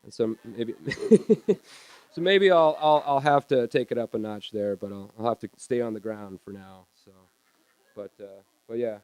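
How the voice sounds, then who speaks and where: Male storyteller, middle pitch, smooth clear voice, dry close sound, halting live stage delivery. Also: a little mellow, dry recording. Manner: halting, repeats words while acting out his own reactions. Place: small theater.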